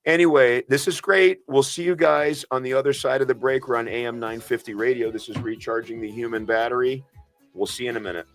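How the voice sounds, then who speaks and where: A man's voice: mid-range voice, steady tone, brisk, few pauses, no echo, soft background music. A man hosting a radio health show as a doctor, talking in a casual, earnest way with frequent restarts.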